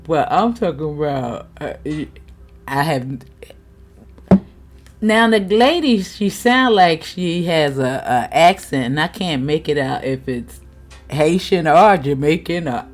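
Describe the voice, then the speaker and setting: A woman's voice: deep voice, animated, a little slow. A woman giving a casual, frank tarot reading commentary, chatting, swearing freely and laughing often. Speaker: tarot reader.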